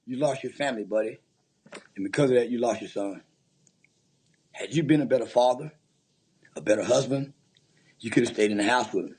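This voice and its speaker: A man's voice: mid-range voice, a little fast, long pauses, a little mellow, slightly rough. A man giving an angry, profane rant of commentary, taunting and insulting his target.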